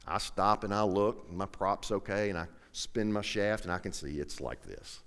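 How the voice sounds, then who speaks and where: A man telling a folksy, animated story to a live audience, acting out both sides of the conversation. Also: on the low side, moderate pace. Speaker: professional angler speaking to an audience. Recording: echoey hall with long reverb.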